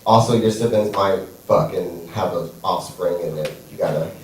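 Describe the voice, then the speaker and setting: A man's voice: deep voice, normal speed, slight background noise. A man performing a stand-up comedy set on a theater stage, sassy and playful, drawing out his punchlines. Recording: echoey room, far from mic.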